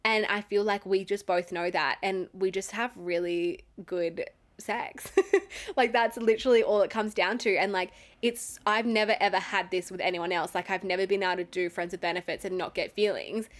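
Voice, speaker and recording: A woman's voice: medium pitch, fairly even intonation, normal speed. Chatty young Australian woman. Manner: chatty, lots of fillers and swearing, laughs often. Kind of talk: casual storytelling.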